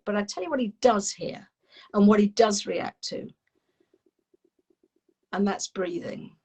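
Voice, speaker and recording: A woman, a parenting coach, explaining calmly in an animated, friendly conversational way. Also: mid-range voice, low-quality recording. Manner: animated, acts out little voices, friendly teaching tone.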